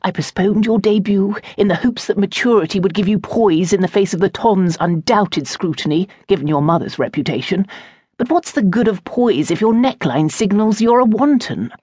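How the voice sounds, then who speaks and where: Woman doing a fussy, husky viscount father. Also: mid-range voice, expressive, moderate pace, darkish tone, no room sound. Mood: exasperated. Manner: exasperated, imperious and fussy. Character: irritable, prudish aristocratic father, middle-aged viscount. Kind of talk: audiobook character voice.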